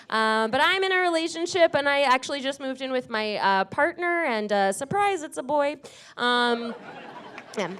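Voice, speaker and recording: A woman comedian doing a stand-up set in a comedy club, delivering dark punchlines deadpan and teasing the crowd. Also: sits high, normal speed.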